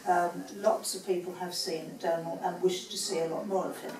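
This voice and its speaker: A woman gives a chatty, good-humoured introduction, her voice settling into a slightly low register. She is picked up from a distance in an echoing room, with the audience clearly audible around her. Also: steady tone, normal speed, crowd noise. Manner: chatty, warm-humoured, laughs between lines. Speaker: festival host introducing a poet. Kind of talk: casual spoken introduction. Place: festival venue indoors. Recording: echoey room, mic far off, audience murmur.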